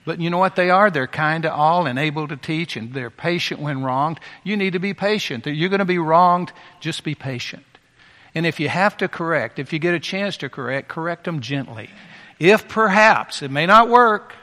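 A man's voice: on the high side, fairly bright tone. A man preaching a sermon with impassioned, emphatic repetition, heard in a large hall.

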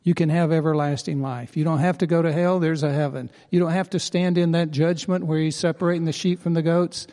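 A man's voice: on the high side, flat delivery, brisk, hardly any pauses, dark tone, long reverb tail. A man preaching a sermon as pastor, earnest and emphatic, repeating key phrases for weight.

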